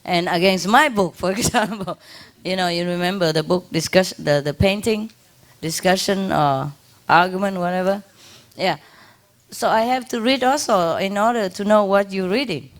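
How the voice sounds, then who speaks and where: At an ashram gathering, a spiritual teacher speaks informally in a mid-range voice at a moderate pace. She laughs frequently and strings together simple, loosely constructed sentences in non-native English.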